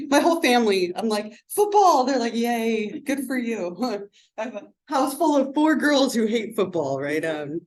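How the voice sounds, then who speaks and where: A woman teaching a psychology class in a classroom, chatty and animated, her voice sore and strained. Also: mid-range voice, rough recording. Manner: chatty, animated, peppers talk with "like" and "right?". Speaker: psychology instructor. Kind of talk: classroom lecture. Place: college classroom.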